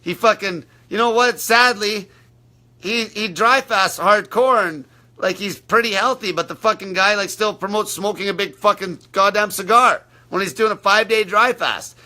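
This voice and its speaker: A man's voice: high-pitched, normal speed, sharp tone. A man coaching on a livestream, answering viewer questions in a brash, blunt, profane way.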